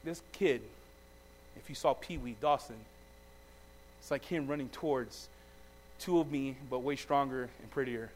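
A man preaching a sermon, reading scripture with some stumbles and then asking his listeners direct questions, his voice swinging from loud to very quiet. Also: medium pitch, a little slow, long pauses, slight background noise.

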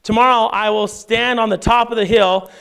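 High, smooth-voiced male preacher. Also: normal speed. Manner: reads scripture aloud with lively asides and paraphrase. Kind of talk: sermon with scripture reading.

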